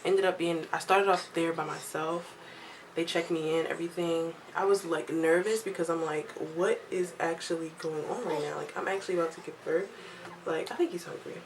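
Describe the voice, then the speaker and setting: A young woman telling a casual storytime vlog at home, lively and chatty, acting out what others said. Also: on the low side, moderate pace, a little hiss or hum, poor audio. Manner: chatty, animated quoting of others, laughs often. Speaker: vlogger.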